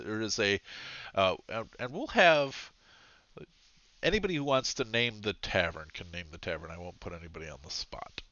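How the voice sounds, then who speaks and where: A man's voice: medium pitch, sharp tone, no echo, dull audio. A man narrating as game master in a rambling, self-deprecating way, laughing often.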